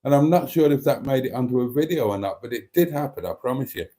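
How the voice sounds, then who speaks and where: A man's voice: medium pitch, animated, fast, warm tone. A middle-aged man with a chatty, rambling manner and cheeky asides, hosting a livestream and reading out comments from chat. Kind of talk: casual chat.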